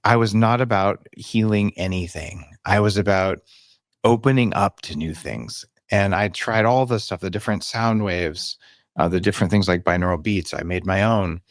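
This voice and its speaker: A man's voice: no room sound, clean studio sound. A man in his fifties, a podcast guest, telling candid stories and acting out the voices in them. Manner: animated, acts out quotes and shifts pitch for emphasis. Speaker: podcast guest, biohacking author. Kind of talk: candid interview storytelling.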